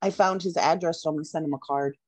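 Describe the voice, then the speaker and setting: A woman's voice: sits low, quick pace. A woman chatting on a video call, enthusiastic, with fillers trailing through her stories. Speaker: guest. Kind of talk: casual video-call chat.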